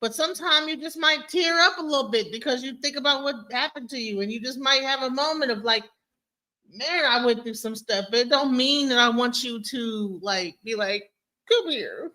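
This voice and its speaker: Bright-voiced woman telling a story. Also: brisk, few pauses. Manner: animated storyteller, mimics others in high voices. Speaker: DJ and guest. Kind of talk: casual livestream chat.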